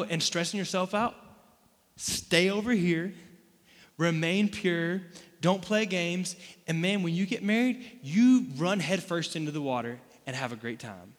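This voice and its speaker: Casual preacher in an echoing hall. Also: male voice, sits high, measured pace. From Florida, US. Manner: casual, conversational preaching with asides and rhetorical questions. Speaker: pastor. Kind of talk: sermon. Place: church hall. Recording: long hall reverb.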